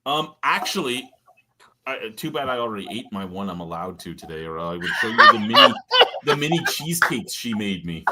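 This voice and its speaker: A man's voice: lowish voice, very animated, fairly quick, heavy background noise. A man chatting on a beer livestream, telling crude, profane jokes and laughing often. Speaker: co-host on a beer review stream. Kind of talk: casual chat on a livestream. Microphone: remote stream call.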